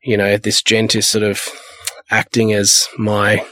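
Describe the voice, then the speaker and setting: A man's voice: lowish voice, completely flat delivery, measured pace, sharp tone, dry recording, studio quality. A man from Perth, a music producer and label owner who tells rambling, anecdotal stories in a casual interview. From Perth, Australia. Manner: rambling, anecdotal, acts out the people in his stories.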